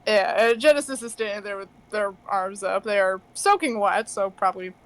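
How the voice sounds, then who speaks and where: A woman's voice: mid-range voice, animated, normal speed, a bit bright. A woman narrating as game master of a tabletop game, in a bubbly, giggly manner.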